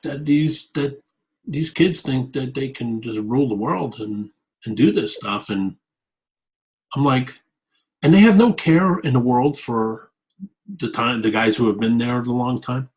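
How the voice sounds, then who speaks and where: Man, fitness coach, interview, candid, rambling, mid-pitched voice. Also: measured pace, darkish tone, rough recording. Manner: rambling, candid, repeats himself. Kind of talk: casual interview talk.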